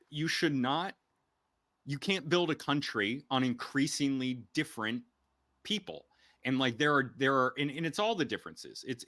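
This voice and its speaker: Young male podcast host, bright edgy tone, dry close sound, emphatic and rambling. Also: mid-range voice, no room sound. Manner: rambling, emphatic, many restarts. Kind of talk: casual podcast conversation.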